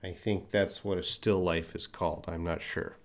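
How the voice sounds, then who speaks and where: A man's voice: low voice, level tone, moderate pace, slight background noise. A man from Canada, teaching live and answering viewers by name, patient and full of fillers and restarts. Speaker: English teacher. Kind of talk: live-streamed English lesson reading viewer chat. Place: indoor room at a desk with a board.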